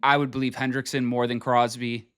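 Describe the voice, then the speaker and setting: A man's voice: mid-range voice, little pitch movement, brisk, a bit bright, clear, resonant tone, no echo, clean studio sound. Blunt, opinionated sports talk man. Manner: blunt, emphatic, repeats himself, swears. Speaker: sports commentary host.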